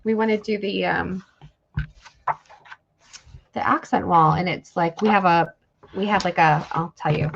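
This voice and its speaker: A woman's voice: on the low side, unhurried, vocal fry, long pauses. A woman hosting a live online sale, chatting casually and rambling while she thanks viewers by name. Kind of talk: casual live-stream selling. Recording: dull lo-fi stream audio with faint noise.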